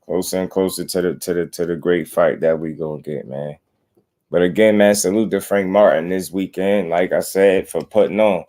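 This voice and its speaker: A man's voice: low-pitched, fairly even intonation, normal speed, mellow. A man hosting a boxing channel live stream, chatting casually with slangy, laid-back talk and greeting viewers.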